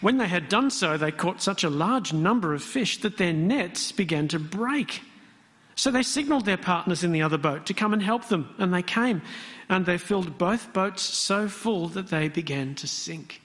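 A man's voice: high-pitched, animated, normal speed, a bit bright. A man preaching a sermon, talking conversationally and putting questions to the congregation. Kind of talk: interactive sermon. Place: church hall. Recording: long hall reverb.

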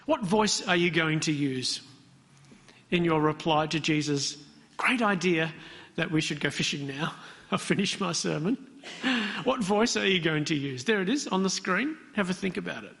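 A man's voice: fairly high pitch, lively intonation, normal speed, creaky, a bit bright. A man preaching a sermon, talking conversationally and putting questions to the congregation. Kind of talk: interactive sermon. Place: church hall. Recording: long hall reverb.

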